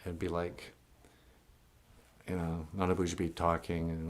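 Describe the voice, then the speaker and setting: A man's voice: low voice, completely flat delivery, a little slow, pauses often. A man, a cartoonist and puppeteer, telling a comic story in a folksy, digressive way.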